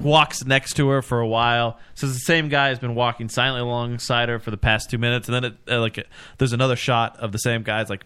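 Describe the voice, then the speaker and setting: A man hosting a casual talk show, pausing and steering the conversation. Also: mid-range voice, level tone, sharp tone, clean tone. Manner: stops and restarts to steer the talk. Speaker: podcast host. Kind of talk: casual chat.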